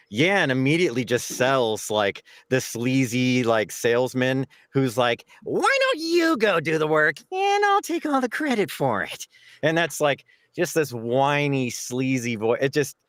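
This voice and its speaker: A man's voice: lowish voice, no room sound, studio quality. A man voice actor answering panel questions, rambling and restarting often as he searches for words. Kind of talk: convention panel Q&A.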